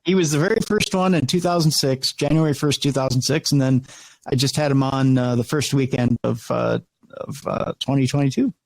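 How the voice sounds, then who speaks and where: A man's voice: medium pitch, a little fast, vocal fry, dry recording, low-quality recording. A middle-aged man, a radio host, telling stories in an interview with many restarts, acting out the people he quotes. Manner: animated, many restarts, acts out quoted voices. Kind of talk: casual interview storytelling.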